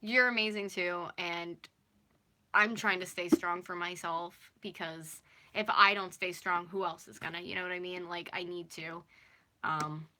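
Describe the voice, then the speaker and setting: Young woman, early twenties, rambling live-stream chat, lots of fillers, forceful bright tone. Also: on the low side, fairly even intonation, unhurried. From North America. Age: early 20s. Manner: chatty and rambling, with constant fillers. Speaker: YouTuber live-streaming to viewers. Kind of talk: casual, confessional live chat.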